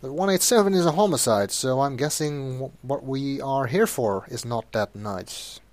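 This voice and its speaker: A man commentating an old cop adventure game as he plays, tossing in dry, wry asides. His voice is mid-pitched, on a close desk mic. The sound is dry. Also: normal speed, no echo. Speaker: let's play narrator. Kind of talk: game commentary and reading game text.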